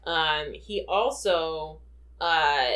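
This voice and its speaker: Brief: woman film-podcast co-host, slightly low pitch, loose chatty delivery, laughs easily. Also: very slow, fairly bright tone. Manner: chatty, laughs often, many fillers. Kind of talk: casual film discussion.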